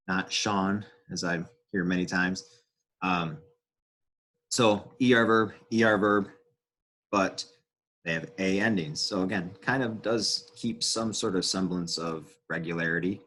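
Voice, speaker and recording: A deep, low-pitched man talks through a lesson as a teacher. His delivery is casual and unhurried, with fillers and restarts as he points out patterns. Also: fairly bright tone. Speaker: Spanish teacher. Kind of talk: classroom-style lesson explanation.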